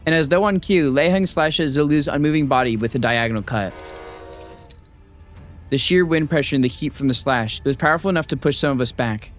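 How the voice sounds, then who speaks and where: A man streaming a story game, reading the text aloud and reacting with excitable, swear-filled outbursts. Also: on the high side, brisk, faint music behind. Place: home streaming setup.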